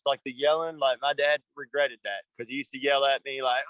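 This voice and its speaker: Earnest motocross coach, a bit higher voice. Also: male voice, level tone, brisk, few pauses, a bit bright, clear, resonant tone, no echo, dull audio. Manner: earnest, rambling, repeats "you know what I mean". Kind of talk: casual coaching talk.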